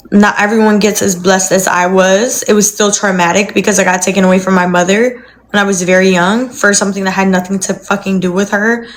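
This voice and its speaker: A young woman chatting casually on a phone livestream from her apartment, rambling, with cooing baby-talk to her dog. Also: mid-range voice.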